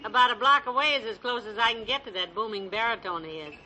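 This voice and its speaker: An actress playing a good-humored wife with dry, teasing patience, in 1940s radio acting style, with a faint hiss from an old broadcast. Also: female voice, fairly high pitch, fast, sharp tone, low-quality recording. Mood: wry.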